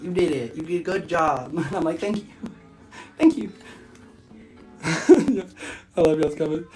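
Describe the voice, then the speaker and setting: Bubbly woman chatting on a phone livestream. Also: fairly low pitch. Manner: bubbly, laughs often, reacts to comments. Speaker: livestream host and spiritual shop owner. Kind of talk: casual livestream chat.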